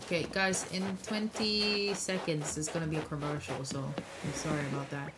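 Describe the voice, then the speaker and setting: A woman's voice: low-pitched, fairly even intonation, very noisy. A young woman, chatting casually with viewers while playing a game on a live stream. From Norway. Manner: chatty, answers chat aloud, quick asides to the game. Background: loud game music.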